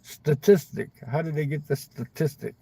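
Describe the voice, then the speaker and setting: A man's voice: fairly high pitch, moderate pace, vocal fry, warm tone, breathy edge, dry recording. A man livestreaming from inside his car, chatting loosely with viewers, rambling and swearing, ending lines with "man". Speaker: livestream host. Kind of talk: casual chat with viewers.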